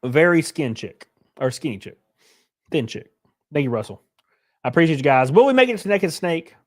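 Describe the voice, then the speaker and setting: A man's voice: a little high, lively intonation, moderate pace. A man hosting a casual livestream, reading viewers' comments aloud and answering them in a loose, joking, rambling way. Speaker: livestream host reading chat.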